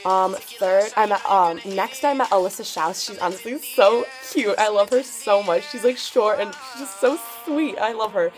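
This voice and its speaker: A woman's voice: medium pitch, moderate pace, hardly any pauses. Gushing teen girl vlogger, music behind. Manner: gushing, excitable, filler-heavy "like" talk. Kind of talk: casual storytelling vlog. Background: background music.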